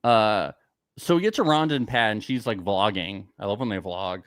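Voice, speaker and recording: A man's voice: fairly low pitch, moderate pace, a bit bright, clear, resonant tone, no echo, clean studio sound. A young man hosting a podcast, chatting casually and sarcastically about a reality show, laughing often. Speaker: podcast host. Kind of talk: casual recap chat.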